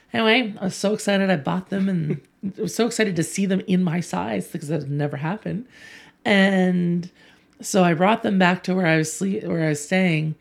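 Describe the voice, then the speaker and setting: A woman sits in on a relaxed podcast chat. Her voice sits on the low side with a gravelly fry running through it. She rambles through stories and breaks into laughter often. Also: normal speed. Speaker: podcast co-host. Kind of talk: casual chat.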